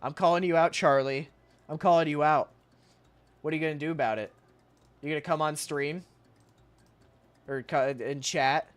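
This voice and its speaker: A man's voice: fairly high pitch, normal speed, pauses often. A young man streaming while he draws, rambling casually to chat, reading messages aloud and often laughing.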